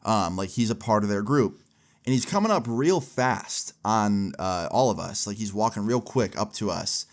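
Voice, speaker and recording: A young man casually telling a story, animated and swearing often, with lots of "like". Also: on the low side, normal speed. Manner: animated, swears a lot, frequent "like".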